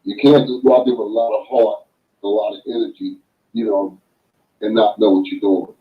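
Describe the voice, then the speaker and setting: A man talking as a boxing guest in a casual chat, making his points slowly and emphatically with homespun sayings. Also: on the low side, little pitch movement, narrow, tinny audio. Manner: slow emphatic explaining, makes points with sayings.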